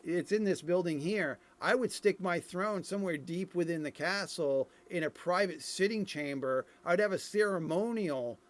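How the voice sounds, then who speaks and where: Rambling man with a fairly high voice. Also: normal speed, hardly any pauses. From Ireland. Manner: rambling, thinks aloud with fillers and restarts. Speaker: streamer reviewing game dev footage. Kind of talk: casual commentary.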